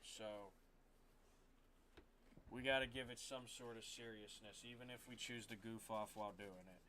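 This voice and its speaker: A man's voice: lowish voice, fairly even intonation, moderate pace, bright, forceful tone, slight background noise. A man streaming a game, ranting to his chat in a rambling, frustrated way, swearing often and restarting his sentences. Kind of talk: casual rant to stream chat.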